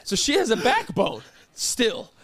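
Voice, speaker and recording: Podcast co-host, male, high voice, animated storyteller, dry studio sound. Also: a little slow, dry recording. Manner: animated, acts out quotes with big voice swings. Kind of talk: casual storytelling chat.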